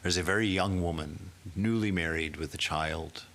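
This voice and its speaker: Deep-voiced man preaching emphatically. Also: normal speed, fairly bright tone. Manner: emphatic, with rising rhetorical questions. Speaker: swami giving a talk. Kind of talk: sermon.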